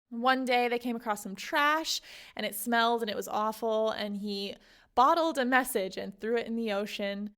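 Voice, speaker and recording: A woman's voice: medium pitch, fairly bright tone. A young woman hosting a podcast, retelling a novel in a chatty, casual way full of fillers. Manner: chatty, lots of "like", storytelling. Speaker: podcast host. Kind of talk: casual book summary.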